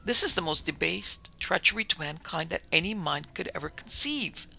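A cornered young research doctor, desperate and defiant, read by a man. The voice is strongly gravelly, sharp and tense, and a little high for a man, fitting a storybook thriller. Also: animated, normal speed, heavily acted.

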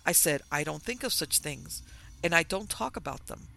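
A man's voice: on the high side, animated, moderate pace, creaky, bright, forceful tone, slight background noise, heavily acted. A cool, guarded young widow, read by a man. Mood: wary. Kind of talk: audiobook character reading.

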